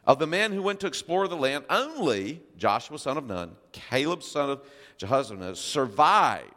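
A man's voice: mid-range voice, sing-song, normal speed, pushed and bright, in a large hall. A male pastor preaching a sermon, reading scripture and asking the congregation questions with emphasis.

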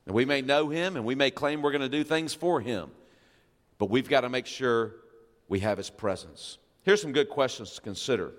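A man's voice: mid-range voice, expressive, normal speed, fairly bright tone. Emphatic male pastor in a reverberant hall. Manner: emphatic, reads scripture aloud and asks the congregation questions. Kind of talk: sermon.

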